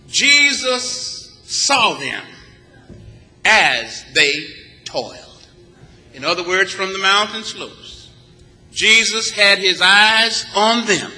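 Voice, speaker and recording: A preacher from Texas delivering a sermon in a church, speaking in a rhythmic, emphatic style with many repeated phrases. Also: male voice, high voice, pushed and bright. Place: church sanctuary. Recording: long reverb of a large church. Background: congregation answering back.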